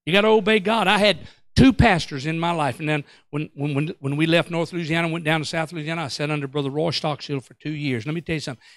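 A man's voice: a little high, fast talker, no room sound. A male pastor, preaching a storytelling sermon in a church, acting out quotes and calling out to the congregation. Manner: animated, acts out quotes, Pentecostal call-outs.

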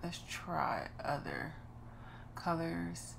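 A woman's voice: deep voice, sing-song, extremely slow, vocal fry, slight background noise. A woman from Los Angeles hosting a gaming channel, giving casual, chatty gameplay commentary and musing aloud while she chooses.

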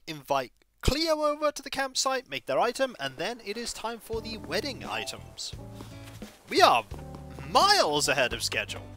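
Woman game streamer, playful and rambling, bright, animated voice. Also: mid-range voice. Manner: playful, rambling, jokey asides. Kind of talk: casual game-stream chat.

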